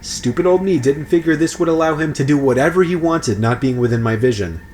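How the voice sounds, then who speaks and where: A man giving a scripted, steady narration of a creepy story. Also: fairly high pitch, a little fast, a little hiss or hum.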